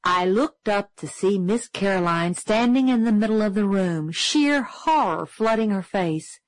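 A woman reading a novel aloud as an audiobook narrator, steady and clear. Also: mid-range voice, measured pace, no room sound, low-quality recording. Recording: dry close studio sound.

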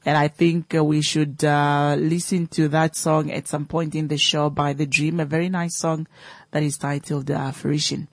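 A woman's voice: low-pitched, level tone, normal speed, dry recording. A woman radio host, talking casually to listeners with many fillers and questions.

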